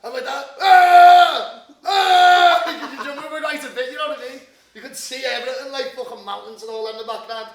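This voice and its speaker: A man's voice: extremely high pitch, steady tone, fast talker, gravelly, pushed and bright, recorded from a distance. A young man telling stories in a sweary, laughing casual chat. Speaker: podcast co-host. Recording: roomy, off-mic sound.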